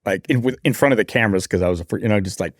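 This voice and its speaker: A man from California, a podcast guest, telling stories in an animated, slangy way. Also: on the low side, racing, no room sound, studio quality. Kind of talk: casual storytelling interview.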